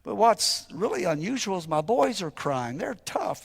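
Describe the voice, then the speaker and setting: A man preaching as a missionary, telling a story emphatically, rising to shouts and falling to near whispers. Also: sits high, big pitch swings, normal speed, vocal fry, breathy edge. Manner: emphatic, climbing to shouted exclamations, then dropping to a hush. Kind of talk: sermon storytelling.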